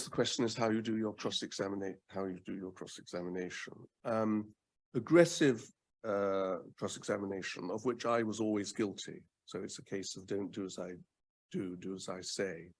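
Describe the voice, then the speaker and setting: Husky older man talking advocacy. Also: fairly low pitch. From United Kingdom. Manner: measured, repeats words for emphasis, frequent ums. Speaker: guest speaker, former advocate. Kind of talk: fireside chat on advocacy.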